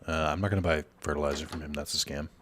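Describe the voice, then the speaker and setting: A man's voice: very deep voice, steady tone, racing, a bit bright, a little hiss or hum. A man giving casual gameplay commentary, rambling through a personal story with lots of fillers. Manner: rambling, filler-heavy, storytelling while playing. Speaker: let's play host.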